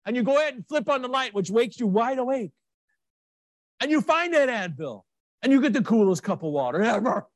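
A man preaching a sermon, telling stories with lively swings into a high excited voice. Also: a little fast, no room sound. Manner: animated storytelling, jumps to high excited pitch. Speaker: pastor.

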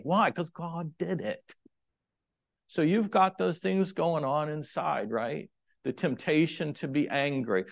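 A man's voice: fairly high pitch, gravelly. A man preaching a sermon, conversational and confessional, with dynamic swings from emphatic peaks to near-whispers. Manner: conversational and confessional, acts out his own inner thoughts.

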